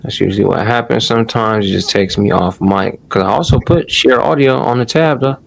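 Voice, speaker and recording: A man's voice: fairly low pitch, a little fast, creaky, a little hiss or hum. Chatty man hosting a live tutorial. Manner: loose and chatty, swears, calls the audience "y'all". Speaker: online course host. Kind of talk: casual live-stream tutorial.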